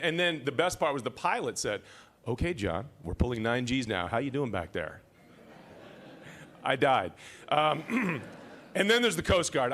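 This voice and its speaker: A man's voice: fairly high pitch, bright, forceful tone, slight background noise. A middle-aged man speaking as emcee at an award ceremony, joking and teasing the audience from a podium microphone. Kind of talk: ceremony emcee speech with jokes. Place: large hall at an award ceremony.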